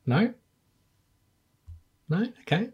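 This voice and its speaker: A man's voice: sits high, big pitch swings, drawn-out words, a little mellow, husky, dull audio. A man hosting a casual film-review podcast, talking in an easygoing, hesitant way with frequent chuckles. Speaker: podcast host.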